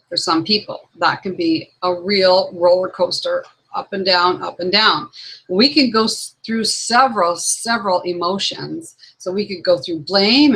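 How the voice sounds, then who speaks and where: A woman's voice: medium pitch, a bit bright, low-quality recording. A woman hosting an online talk show as a law of attraction trainer, speaking in an earnest, heartfelt way and reading quotes aloud. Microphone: webcam video call setup.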